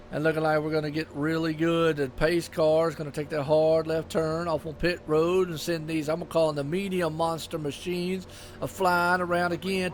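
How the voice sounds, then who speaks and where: A man's voice: a little high, a little hiss or hum. A man with a Southern US accent giving casual, rambling live commentary on a sim race and chatting with viewers.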